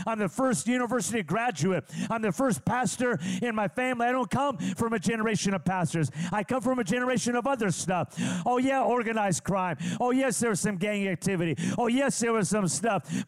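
A pastor from California preaching a sermon, animated, teasing the congregation and calling on them for responses. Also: male voice, sits high, a little fast, no room sound. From California, USA. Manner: animated preacher who teases and calls on the congregation.

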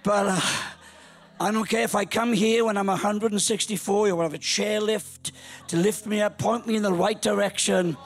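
Older guy preaching, kinda high husky voice, jokey and fired up. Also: normal speed. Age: 60s. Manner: lively, humorous, builds to shouted peaks. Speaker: pastor. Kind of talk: storytelling sermon.

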